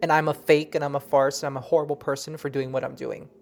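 A woman telling stories of her psychic readings in a casual, animated monologue, full of fillers and restarts. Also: low voice, fast talker. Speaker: psychic medium recounting readings.

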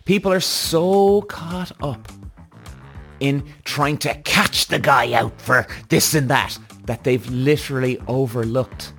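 Blunt, swearing man ranting on his podcast. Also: mid-range voice. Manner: blunt, profane, heated; restless, self-correcting. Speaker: podcast host. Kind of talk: solo podcast rant.

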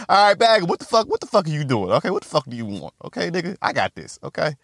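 A man retelling a film plot in casual, profane, animated talk, often stammering and repeating himself. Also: high voice, fairly quick, no room sound, studio quality. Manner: animated, repetitive, swears constantly, stammers on restarts. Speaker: movie recap vlogger.

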